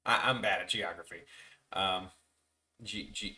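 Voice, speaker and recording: Young male streamer, rambling and self-deprecating, bright tone, sits back from the mic. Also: low voice, steady tone, moderate pace, distant mic. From Chicago, USA. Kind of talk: casual chat while drawing on stream.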